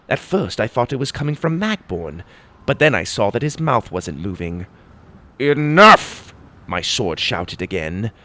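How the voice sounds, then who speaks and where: Man, storybook narrator, first-person adventure reading, dramatic, lively intonation, mid pitch.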